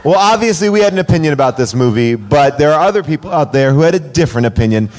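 Sarcastic man reading reviews, lively pitch. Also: quick pace. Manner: sarcastic, laughing through mock readings. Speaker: podcast co-host. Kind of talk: comedic podcast banter, reading reviews aloud.

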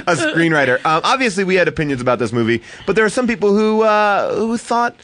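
Podcast host man, jokey reviewer, bright and lively, dry mic. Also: high-pitched, fast talker. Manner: joking, laughs while talking. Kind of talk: casual comedy chat, reading reviews aloud.

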